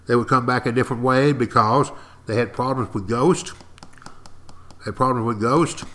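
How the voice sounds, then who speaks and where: A man telling history in a folksy, dramatic way, as if spinning a tale to friends. He keeps checking in with his listeners and asking if they follow. His voice sits in an ordinary middle pitch for a man. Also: a bit bright. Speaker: podcast history lecturer. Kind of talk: storytelling lecture.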